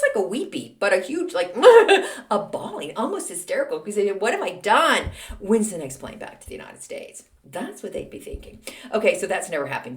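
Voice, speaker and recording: A middle-aged woman talks through a casual solo podcast with a chatty, self-deprecating manner. Her pitch swoops up and down as she tells her stories with animation. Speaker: podcast host.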